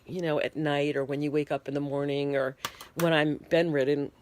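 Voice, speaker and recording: A woman vlogger, congested and shivering in bed, speaks to her handheld phone for a casual bedroom video diary, explaining things plainly, unhurriedly, and in detail. Her low-pitched voice is a little mellow with a flat delivery, and there's a faint hiss or hum.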